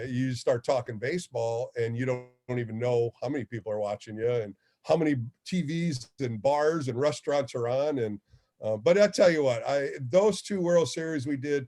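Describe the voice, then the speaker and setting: A former ballplayer turned radio host telling stories in a casual interview, acting out the people he quotes. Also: medium pitch. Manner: animated storyteller, acts out quoted dialogue.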